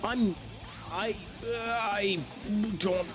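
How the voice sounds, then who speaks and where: This Irish streamer keeps up live commentary and banter with viewers, laughing frequently and dropping swear words as he plays. His high voice stays even in tone and moves extremely slowly, with game music in the background.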